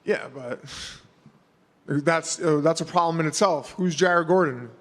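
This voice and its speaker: A man's voice: fairly high pitch, a little slow, in a large hall. A man, answering press questions in a casual, rambling way full of fillers. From New York. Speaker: fighter.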